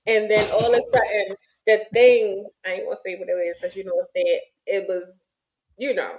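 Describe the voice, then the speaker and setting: A woman's voice: medium pitch, fairly even intonation, fairly quick, a little mellow, muffled recording, a little hiss or hum. A woman in a casual chat, telling stories and often trailing off mid-sentence.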